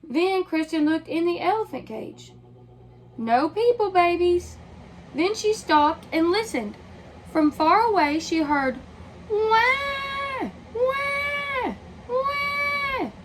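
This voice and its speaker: A woman reading a children's picture book aloud, pausing to ask her listeners questions. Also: very high-pitched, lively intonation, slight background noise, rough recording.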